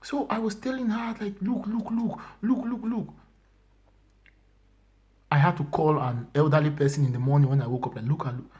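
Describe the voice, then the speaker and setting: A man giving an emotional personal testimony, moving between loud emphasis and hushed whispers and repeating his phrases. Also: fairly high pitch, lively intonation, fast talker, few pauses. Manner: repetitive, restarting phrases. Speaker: church brother giving testimony.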